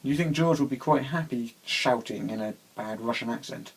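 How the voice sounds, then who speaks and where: Husky-voiced Englishman chatting hesitantly. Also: medium pitch, fairly quick, poor audio. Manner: hesitant, chatty, laughs often. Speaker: co-host. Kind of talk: casual chat.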